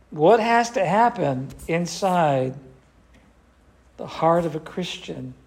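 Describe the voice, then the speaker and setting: A man's voice: high-pitched, darkish tone. Older man teaching a church class. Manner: conversational, asks the group questions. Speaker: pastor.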